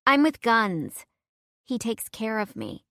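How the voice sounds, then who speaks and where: A woman's voice: a little high, wildly swooping pitch, slow, gravelly, a bit bright, dry recording, clean studio sound, pitched above the performer's own voice, full character voice. Bubbly young party girl, voiced by a woman. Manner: eager, chatty.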